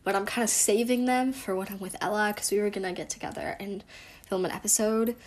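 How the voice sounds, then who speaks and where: A woman's voice: mid-range voice, fairly even intonation, fairly quick. A young woman co-hosting a casual podcast, giggling and restarting her intro lines. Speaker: podcast co-host. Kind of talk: casual podcast chat, blooper takes.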